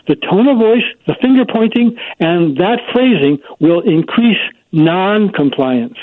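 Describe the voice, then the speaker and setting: A man's voice: sits high, expressive, normal speed, no room sound. A man speaking as a child psychology expert guest, explaining his points emphatically in an interview. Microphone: phone. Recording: dry tinny phone line.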